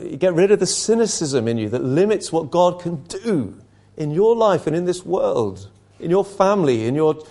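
Preacher guy, sermon voice, pitch swings way up and down, keeps repeating lines. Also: warm tone. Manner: impassioned, rhetorical questions, repeats phrases for emphasis.

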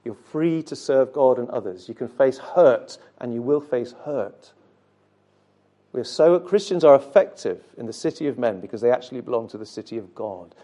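A man's voice: medium pitch, mellow. A man preaching a sermon, speaking earnestly and directly to his listeners with rhetorical questions and occasional repeated words.

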